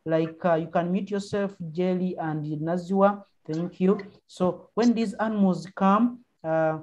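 A woman's voice: mid-range voice, a little mellow, dull audio. A woman teacher with a Ugandan English accent, leading an online primary class over a video call, encouraging pupils with frequent uh-huhs. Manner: encouraging, prompting with frequent uh-huh and mm-hmm.

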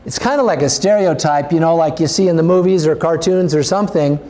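A man's voice: fast talker, warm tone. A male pastor preaching a sermon, earnest and urging, his voice rising as he exhorts the congregation. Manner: earnest, urging, rises in pitch when exhorting.

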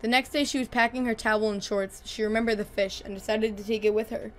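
A woman calmly reading horror stories in scripted narration, growing softer and quieter on the grim lines. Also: fairly high pitch. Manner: calm, measured, dropping softer on grim lines. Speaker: storyteller. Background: faint music.

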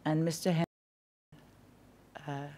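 A woman, giving formal testimony at a public inquiry and recounting a conversation in a measured, precise way with dry asides, on a desk microphone. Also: sits low, level tone, warm tone. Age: 50s. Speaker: witness giving evidence. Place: hearing room of a public inquiry.

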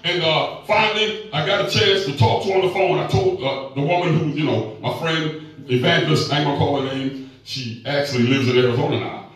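High-voiced preacher in an echoey hall. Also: male voice, a little fast, far from the mic. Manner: animated, joking with the congregation. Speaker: pastor. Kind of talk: sermon.

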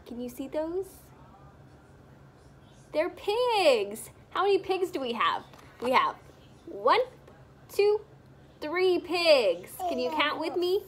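A young woman with a lilt hosts a morning circle for small children. Her voice sits high and she speaks slowly, in a patient, sing-song manner. Faint noise hums under the recording. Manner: bright, sing-song, slow and encouraging, talking to small children. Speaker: preschool teacher.

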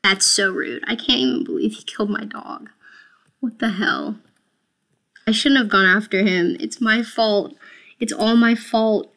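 A woman's voice: mid-range voice, steady tone, unhurried, gravelly, a bit bright. A woman streaming a game, talking casually to viewers in a chatty, self-mocking and playfully dramatic way. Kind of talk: casual gameplay commentary.

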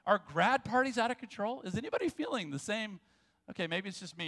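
Bright-voiced pastor in a reverberant hall. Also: male voice, high voice, expressive. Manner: jokey storytelling with quick asides. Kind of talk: sermon with humor. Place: church sanctuary. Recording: long church hall reverb.

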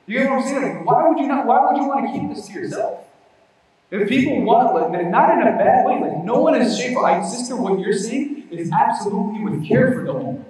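A man's voice: very high voice, animated, fairly quick, darkish tone. A male preacher giving a casual, conversational religious lecture, urging listeners emphatically and often adding "you know what I'm saying" asides. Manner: urgent, emphatic exhortation. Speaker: Islamic preacher. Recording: very echoey hall, voice from far off.

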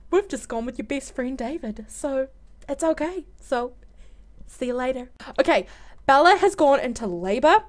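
High-voiced, gushing woman game commentator. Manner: gushing, excitable, exclaims often. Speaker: let's play host.

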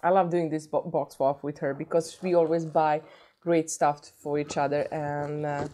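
Emotional low-voiced woman vlogger. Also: little pitch movement, normal speed, mellow, slight background noise. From Sweden. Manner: gushing, emotional, repeats herself. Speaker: beauty vlogger. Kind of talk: unboxing vlog.

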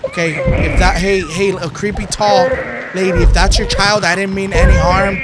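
A man with a hoarse, sick voice, giving jumpy, swearing commentary on a horror game. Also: high voice, fairly even intonation, moderate pace, loud music behind the voice. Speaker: gaming channel host.

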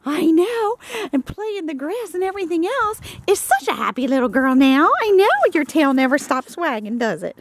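Woman, dog lover, high lilting baby-talk voice with big pitch swings, filmed on phone outdoors. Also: animated, normal speed, few pauses, no echo. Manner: high sing-song baby talk with sweeping pitch jumps. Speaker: dog rescuer filming her dogs. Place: outdoors in a yard with dogs.

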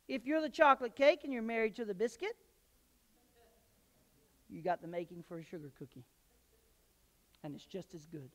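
A male pastor preaching a sermon in a church, telling personal stories and swinging into loud emphatic bursts. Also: high voice, normal speed, pauses often. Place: church sanctuary. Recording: long hall reverb.

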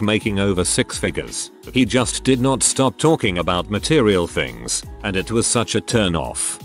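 A man reading online stories aloud as a narrator, in a matter-of-fact storytelling way. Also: on the low side.

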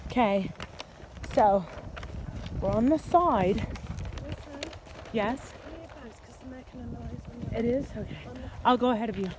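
A woman vlogging casually as she travels, telling stories and reacting loudly with excitement. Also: a little high, takes it slowly, long pauses. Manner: chatty storyteller, shrieks with excitement at times. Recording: street noise and crowd behind.

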